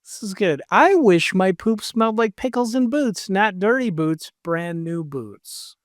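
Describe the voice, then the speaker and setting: A podcast host in casual comedic chat, reading out supporter names with playful deadpan jokes. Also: mid-range voice, a little slow, dry recording, clean studio sound.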